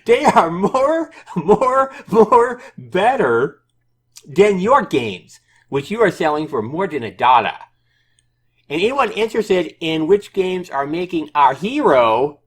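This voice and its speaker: A man voicing a defensive male game developer in a high, mocking, stammering voice with broken English. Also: big pitch swings, slow pace, breathy edge, exaggerated voice. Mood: scornful.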